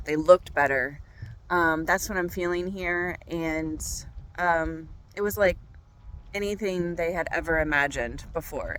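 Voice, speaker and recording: Low-pitched yet fairly bright, this woman's voice comes through a rough recording with slight hiss or hum. Out on a walk beside a golf course, the tarot reader gushes cheerfully to her viewers in an outdoor reading vlog.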